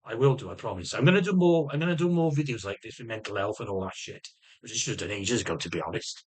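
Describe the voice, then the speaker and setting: A man's voice: on the low side, quick pace, darkish tone, husky. A man giving a ranting personal health update, swearing constantly and circling back over his words. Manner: swears constantly, rambling and repetitive; agitated, defensive rant. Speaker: vlogger.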